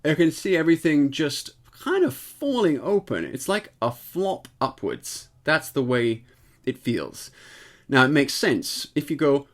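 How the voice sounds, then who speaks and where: A man teaching a singing lesson in a relaxed, explanatory way, often checking in with the listener. His voice is bright and lively, rising and falling a lot, yet it sounds tired and slightly husky after a long day. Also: medium pitch, takes it slowly. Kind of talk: casual spoken singing lesson.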